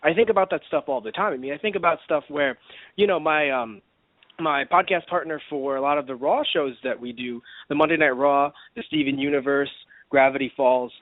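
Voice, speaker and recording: Brisk and fairly high-pitched, a man co-hosts a podcast, chatting casually and rambling with plenty of fillers and restarts. The audio is dry and tinny, like a phone, with no room sound.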